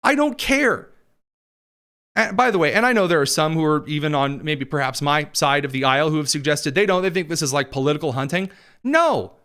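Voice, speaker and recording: A man's voice: high voice, fairly bright tone. A man hosting a political commentary show, talking in a sarcastic, mocking way with exaggerated emphasis.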